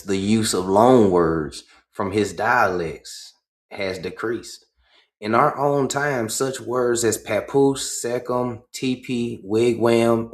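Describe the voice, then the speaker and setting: A livestream host reads a book aloud slowly, pausing often to explain passages in his own words and checking in with "right?". His voice is lowish, and the sound is roomy.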